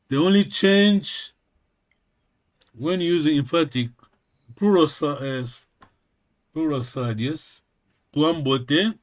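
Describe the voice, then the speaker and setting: A man who speaks natively, leading a language lesson. He says each word over and over in a voice that sits a little high. He talks in a patient, steady way. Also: takes it slowly, long pauses. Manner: patient, repeats words many times. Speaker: language teacher.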